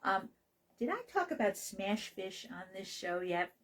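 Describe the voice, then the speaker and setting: A woman's voice: mid-range voice, big pitch swings, unhurried, a crowd in the background, poor audio. A woman hosting a health radio show, talking casually about naturopathic care in a chatty, rambling way with many fillers and restarts.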